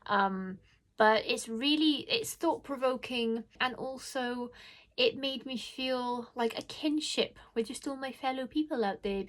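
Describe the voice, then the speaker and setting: A woman's voice: a little high, unhurried. A woman casually recommending horror stories in a chatty, gushing vlog, with lots of fillers and restarts. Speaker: horror book reviewer.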